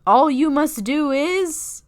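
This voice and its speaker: A woman voicing the ghost of a dead student, speaking slowly and solemnly in a game playthrough. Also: high voice, lively intonation.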